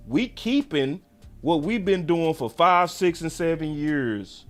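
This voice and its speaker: A man hosting a sports channel, talking excitedly, repeating himself and throwing in mocking exclamations. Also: on the high side, moderate pace, faint music behind. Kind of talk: animated live-stream commentary.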